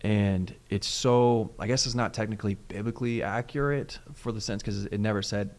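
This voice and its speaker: Earnest man with a low voice. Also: steady tone, normal speed, darkish tone. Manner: earnest, emotional storytelling. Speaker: podcast co-host. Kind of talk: casual conversation.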